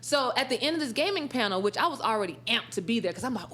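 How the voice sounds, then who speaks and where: A woman guest in an interview, telling stories in a casual, animated way, laughing often and acting out what others said. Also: fairly high pitch, quick pace, few pauses, a little hiss or hum. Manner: animated, laughs often, acts out quoted dialogue. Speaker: esports sportscaster and college instructor, interview guest.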